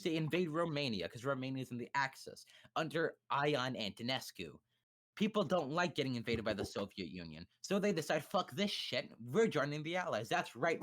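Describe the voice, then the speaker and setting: A man's voice: on the high side, fairly bright tone. A young man casually explaining history on a livestream, swearing and cracking crude jokes. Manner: crude, joking, profane.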